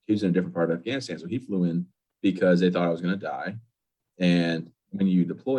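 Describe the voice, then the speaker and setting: Interview guest, male, 30s, veteran; quick, husky, very low voice, candid delivery. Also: darkish tone. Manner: candid, plain-spoken, quick storytelling. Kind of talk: personal story in interview.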